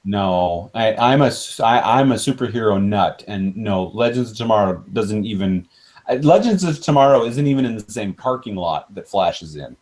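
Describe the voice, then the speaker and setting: A man's voice: on the low side, lively intonation, normal speed, a little mellow. A man hosting a casual podcast chat, talking enthusiastically in bursts with restarts. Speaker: host.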